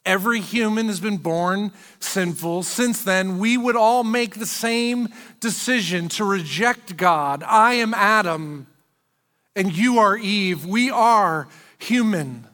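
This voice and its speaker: A man preaching a sermon as pastor, animated and acting out the quoted lines of the figures in the story. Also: high-pitched, slow, in a large hall. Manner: animated, acts out quoted speech.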